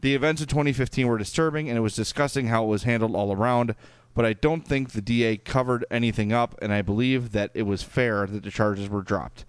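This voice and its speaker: A man with a thick Chicago accent co-hosts a casual podcast, reading listener emails aloud and stopping for uhs and ums along the way. His voice is smooth and resonant, sitting at a middling pitch. The recording is close and dry. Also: fairly quick, dry recording. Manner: reads listener emails aloud, hedging with fillers. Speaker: podcast co-host.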